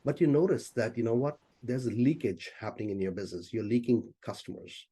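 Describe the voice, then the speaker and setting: A man's voice: medium pitch, lively intonation, brisk, dark tone, slightly rough. A man as a business coach, teaching in a loose, conversational way during an online session and often saying "you know".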